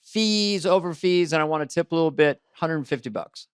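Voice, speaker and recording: A middle-aged man with a smooth, clear voice tells road stories in a low-key, deadpan way. His voice sits a little higher than most men's. The sound is dry and close to the mic. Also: normal speed, dry recording. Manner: deadpan, understated anecdotes from the road. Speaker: co-host. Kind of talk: casual comedic storytelling.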